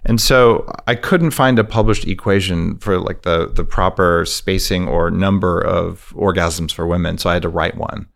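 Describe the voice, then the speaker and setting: A man talking as a podcast guest, explaining his ideas in a fast, emphatic way. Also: deep voice, fairly even intonation, vocal fry, a bit bright. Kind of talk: interview, conversational.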